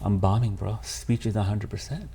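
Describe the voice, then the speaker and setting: A man's voice: on the low side, moderate pace, mellow, slightly rough. A man, a podcast guest telling his life story candidly and emotionally, calling the host "bro". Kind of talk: casual storytelling interview.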